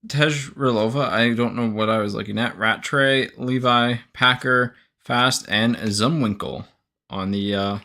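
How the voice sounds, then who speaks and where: A man's voice: mid-range voice, a little slow. A man hosting a card break, reading out player names and teams in a casual, self-correcting way with lots of fillers. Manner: reads out player names and teams in a steady list, with frequent "uh" fillers. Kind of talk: live card-opening commentary.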